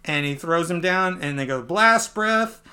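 A man hosting a podcast, recapping a comic in casual chat. He talks in a loose, chatty way, laughs easily and jumps into squeaky voices when he acts out scenes. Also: a little fast. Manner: animated, jumps into high squeaky voices when acting out lines. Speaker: podcast host.

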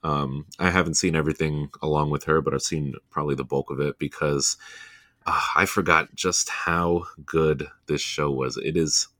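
A man's voice: extremely low pitch, fairly even intonation, normal speed, bright, forceful tone, dry recording, studio quality. A man co-hosting a podcast, chatting casually and gushing about a show, with lots of fillers and restarts. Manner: rambling, gushing with many fillers. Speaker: podcast co-host. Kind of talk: casual chat.

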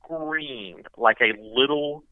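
A man with a Southern accent, guesting on a podcast and telling rambling, animated stories with lots of restarts. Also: medium pitch, slow, dry recording, narrow, tinny audio. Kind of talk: casual chat.

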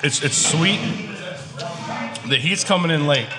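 A man's voice: a little high, measured pace, roomy sound. A man in casual chat as a podcast guest, laughing at himself as he suffers through very hot food. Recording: loud crowd chatter behind. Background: crowd chatter.

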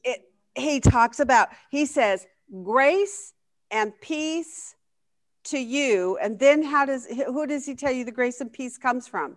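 A woman with a high, light voice leads a Bible study group. She teaches in an eager, questioning way, drawing answers from her class and responding with excitement. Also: normal speed. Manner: enthusiastic, asks the class questions. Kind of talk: interactive Bible lesson.

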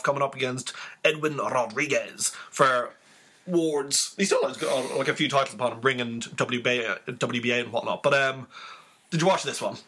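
A man, co-hosting a casual boxing chat in a relaxed way, with plenty of fillers. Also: medium pitch, husky. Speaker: podcast co-host.

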